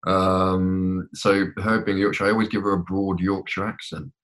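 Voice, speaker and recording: A man's voice: deep voice, flat delivery, moderate pace, fairly bright tone. A man from England, a podcast guest, chatting casually and hesitantly with many repeated words. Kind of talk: casual chat.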